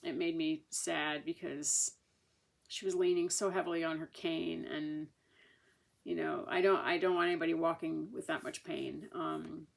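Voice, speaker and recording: This vlogger shares a patient's experience to camera in a low-pitched, steady voice with vocal fry, at a moderate pace. Her casual, lengthy story is chatty and meandering, with plenty of restarts and fillers.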